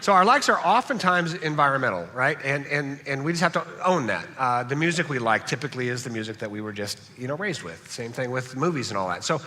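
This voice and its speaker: A man from Southern California preaching a sermon as pastor, animated and joking, often checking in with "right?". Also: mid-range voice, quick pace, few pauses. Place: large church hall. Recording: echoey church hall.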